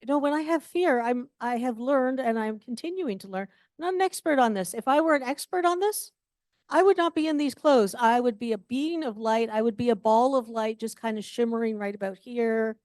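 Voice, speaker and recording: A woman gives a casual, personal sermon, full of candid stories and self-deprecating jokes. Her voice sits a little high. The sound is dry and close, with little room echo. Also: a little fast, a little mellow. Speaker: speaker at a church service. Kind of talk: conversational sermon. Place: church sanctuary.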